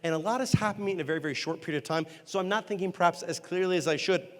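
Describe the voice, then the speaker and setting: A man giving a humorous storytelling keynote, acting out characters with quick voice changes and self-deprecating comic timing. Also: sits high. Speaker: motivational speaker and entertainer. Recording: long hall reverb.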